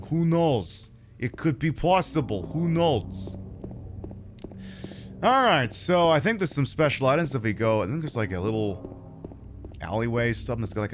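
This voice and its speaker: A man's voice: medium pitch, noisy background. A man streaming a video game, giving casual, rambling commentary full of sarcastic jokes and swearing.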